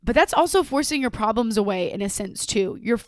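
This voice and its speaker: This podcast host is a young woman whose expressive, high-leaning voice runs fairly quick as she rambles through a personal monologue, often repeating words and at times close to tears. Recorded on her own camera, the audio has no room sound.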